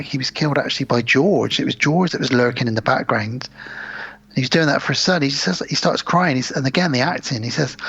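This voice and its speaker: A man's voice: medium pitch, fairly bright tone, husky, highs cut off. A man co-hosting a podcast, retelling a film scene by scene in casual chat and acting out the characters' lines. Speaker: podcast co-host.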